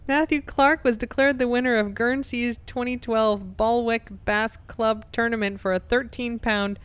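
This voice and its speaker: A woman co-hosting a podcast, reading odd news stories aloud in a steady tone with bits of laughter. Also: fairly high pitch. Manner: reads articles in a steady newsy tone, breaks into laughs. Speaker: podcast co-host.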